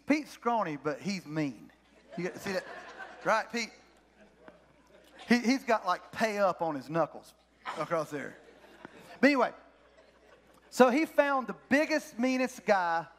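A man's voice: sits high, a bit bright. A man, a pastor, preaching a sermon in church, telling a story with energy and repeating his key phrases for emphasis. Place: church sanctuary.

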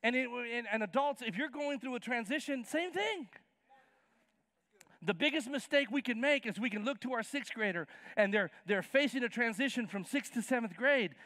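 Animated high-voiced preacher. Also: male voice, normal speed, no room sound, clean studio sound. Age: 50s. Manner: animated, acts out Bible characters in slangy voices. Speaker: pastor. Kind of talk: sermon. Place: church sanctuary.

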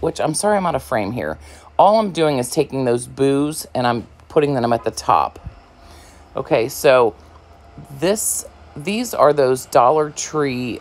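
A woman's voice: rumbling low, darkish tone. A woman crafting vlogger talking casually through her project, slightly out of breath, rambling with many ums and you-knows. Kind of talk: casual crafting tutorial talk.

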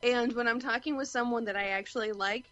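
A woman co-hosting a casual podcast, relaxed and often murmuring her agreement. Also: fairly high pitch, a little fast, no echo, lo-fi sound. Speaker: podcast co-host. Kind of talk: casual chat.

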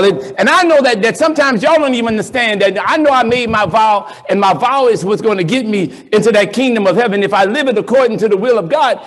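A priest tells jokes and stories to a hall of teachers. His high voice swings widely up and down as he works the crowd with playful, animated delivery. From New Orleans. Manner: animated, joking, plays to the crowd. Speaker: Catholic priest and speaker. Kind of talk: comic storytelling talk to educators.

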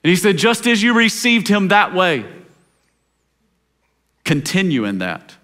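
High, bright-voiced preacher. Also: male voice, very animated, measured pace. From Tennessee. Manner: impassioned preaching, rising to shouts and dropping low. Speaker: pastor. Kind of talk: sermon.

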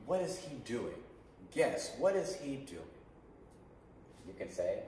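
A man's voice: medium pitch, sing-song, slow pace, mellow, slight background noise. A man teaching an online English class, patiently drilling sentence patterns for students to repeat. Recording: echoey room from a distance.

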